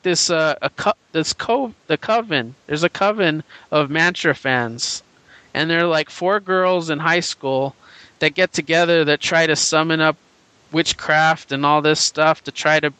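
Bright, clear-voiced man in casual chat. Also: on the high side, a little slow, dry recording. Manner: rambling, enthusiastic retelling with frequent fillers and laughs. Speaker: podcast co-host. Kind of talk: casual comic book chat.

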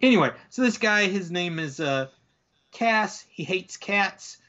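A man's voice: high voice, animated, a little slow, bright, forceful tone. A man casually retelling a comic book story, rambling with lots of fillers and acting out bits. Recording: dull lo-fi sound.

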